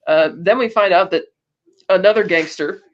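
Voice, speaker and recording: Slightly high-voiced man retelling a movie plot on a podcast, loose and rambling with fillers and restarts, dropping into quick character voices. The audio is dull and lo-fi. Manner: acts out character quotes. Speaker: podcast host. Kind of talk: casual film recap.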